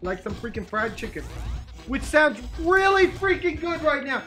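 A man giving excited gameplay commentary, with loud, frantic, shouted reactions. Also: extremely high pitch, moderate pace. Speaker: let's play gamer. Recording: game music playing under voice. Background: video game music.

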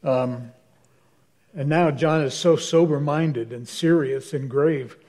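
Older male minister, dry storyteller, somewhat high, mellow tone. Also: slow. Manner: wry anecdotal storyteller, acts out dialogue. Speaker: guest speaker, minister. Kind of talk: storytelling in a church Q&A. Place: church hall.

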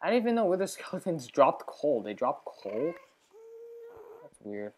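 Low, lively woman host for chatty let's play commentary, prone to excited yelps. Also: moderate pace. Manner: chatty, talks to viewers, excitable outbursts. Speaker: gaming channel host.

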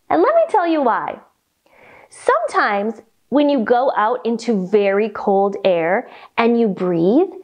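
Young woman, kids' yoga teacher, high and sing-song, unhurried, cheerful coaching tone. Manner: cheerful, encouraging, speaks to young kids. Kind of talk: guided yoga storytime for children.

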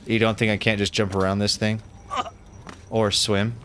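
A man streaming a fantasy game, commenting casually in a goofy, excitable, playful way. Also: fairly low pitch, normal speed, a little hiss or hum. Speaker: gaming streamer. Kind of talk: casual let's-play commentary.

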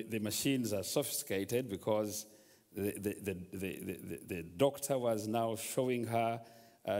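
Medium in pitch and somewhat dark in tone, this man's voice carries a guest sermon through a big church hall with lengthy reverb. His storytelling gradually rises into a call for listeners to speak directly to their troubles.

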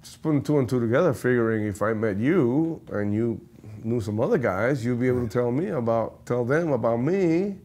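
A man's voice: mid-range voice, normal speed. A man from Cuba, a native Spanish speaker, telling stories in a casual interview as a guest percussionist. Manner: animated storyteller, acts out voices, laughs often.

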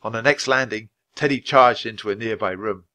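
A man reading a children's chapter book aloud at a natural, clear pace. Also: fairly low pitch, a little fast, bright, forceful tone. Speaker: storybook reader.

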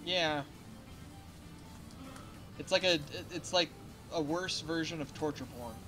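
A man running an online tabletop game as game master, reading rules aloud haltingly and laughing often. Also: on the high side, over music.

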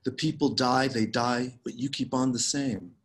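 A man reading his own poems aloud on a video call, measured and unhurried with pauses between lines. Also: mid-range voice, steady tone, rough recording. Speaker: poet reading his work. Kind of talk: poetry reading.

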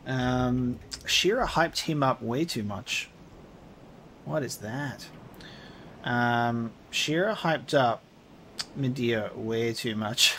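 A man commentating his own video game playthrough, excitable and panicky, swearing, yelping and laughing through a boss fight. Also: medium pitch, drawn-out words, pauses often, slight background noise. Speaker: gaming streamer. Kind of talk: live let's play commentary.

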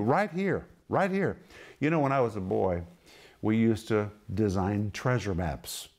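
A man's voice: mid-range voice, darkish tone. Emphatic man teaching the Bible. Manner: emphatic, rising on rhetorical questions.

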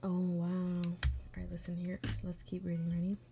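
A woman's voice: on the low side, completely flat delivery, moderate pace, vocal fry, dark tone. A woman hosting an advice show, chatting casually and bluntly with lots of swearing while doing her makeup and reading stories, sometimes mumbling under her breath. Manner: blunt, profane running commentary.

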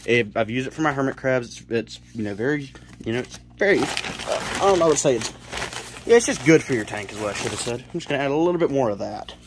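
A man's voice: mid-range voice, animated, fast talker, noisy background. Young man from South Carolina, casual reptile-keeper vlogger, rambling delivery, slightly winded. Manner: rambling, self-correcting, lots of fillers. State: slightly out of breath. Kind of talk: casual home-build tutorial. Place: cluttered bedroom at home.

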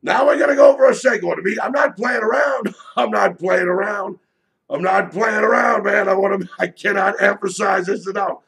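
A man working as a sports betting handicapper, shouting a brash, profane sales pitch for his picks and repeating himself often. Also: gravelly. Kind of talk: loud promotional sales pitch.

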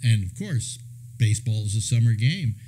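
A man's voice: lowish voice, expressive, normal speed, mellow, slightly rough, poor audio. An older man from California telling rambling radio anecdotes, chuckling and restarting as he goes. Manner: chuckling, meandering storyteller with many restarts. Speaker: radio host.

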